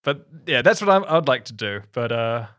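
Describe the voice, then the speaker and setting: A man playing a tabletop game, talking casually with a hesitant, excitable manner. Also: medium pitch, moderate pace, smooth, no echo, clean studio sound. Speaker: player.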